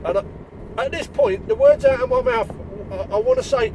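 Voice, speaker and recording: A man's voice: extremely high pitch, huge pitch swings, moderate pace, noisy background. A man, a window cleaner ranting bluntly and swearing as he talks to fellow tradesmen.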